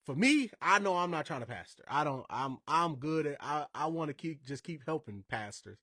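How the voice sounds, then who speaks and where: Male podcast host from Indiana, casual and emphatic, slightly high voice, dry studio sound. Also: expressive, moderate pace, bright, forceful tone, no echo. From Indiana, USA. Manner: emphatic, conversational, wandering asides.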